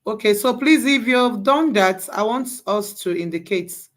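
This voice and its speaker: A woman's voice: mid-range voice, animated, a little slow. A woman leading a live class, walking students through each step and repeating herself to coax them along. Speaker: bootcamp instructor.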